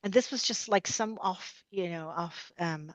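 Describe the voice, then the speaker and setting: A middle-aged woman, a dentist guest on an interview podcast, telling her stories in an animated way, with many asides. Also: on the low side, unhurried, no echo. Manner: animated storyteller, many "you know" asides. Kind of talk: conversational storytelling interview. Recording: dull lo-fi dry sound.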